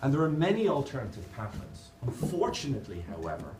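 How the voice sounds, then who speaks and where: Fast and medium-pitched with huge pitch swings, this Irish conference speaker keeps things humorous and playful while walking through his drawings. Captured by a distant camera in a big hall, the audio is far off, echoey, and noisy.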